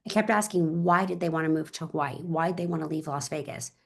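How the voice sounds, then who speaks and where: A woman's voice: low-pitched, quick pace, vocal fry, husky. A woman real estate agent talking in an interview, telling stories with energy and emphasis and speaking straight to her listeners.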